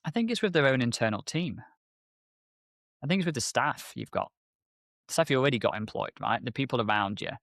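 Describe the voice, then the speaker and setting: A man's voice: a little fast, long pauses, dry recording, clean studio sound. A man co-hosting a casual business podcast, telling stories and acting out conversations with lots of energy. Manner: animated storyteller, acts out exchanges with rising pitch. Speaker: podcast co-host, MSP business owner.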